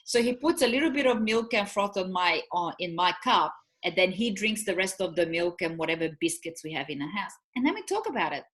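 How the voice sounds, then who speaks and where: A woman's voice: fairly low pitch, lively intonation, a little fast, few pauses, fairly bright tone. A woman in her forties, co-hosting a casual chat and telling a long personal story with many fillers and restarts. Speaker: co-host.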